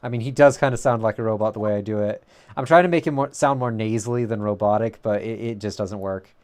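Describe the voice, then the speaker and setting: Casual man streaming a game, quick asides. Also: lowish voice, darkish tone. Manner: playful, quick asides, swears. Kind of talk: casual gameplay commentary and reading game dialogue aloud.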